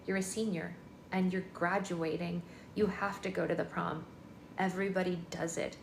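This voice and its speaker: A woman's voice: on the low side, flat delivery, moderate pace, vocal fry, slight background noise. A woman reading the lines of a dramatic, emotional teenage girl in an echoey room, indignant and pleading.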